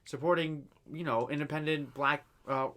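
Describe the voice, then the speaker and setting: A young man co-hosting a casual podcast, talking in a halting way with many fillers and restarts. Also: a little high, steady tone, fairly bright tone. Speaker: podcast co-host. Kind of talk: casual chat.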